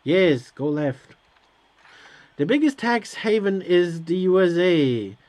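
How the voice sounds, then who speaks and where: A man's voice: high-pitched, big pitch swings, takes it slowly, darkish tone. A man hosting a let's play, reading on-screen game text aloud and answering it with hesitant, sarcastic asides. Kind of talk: casual gameplay commentary.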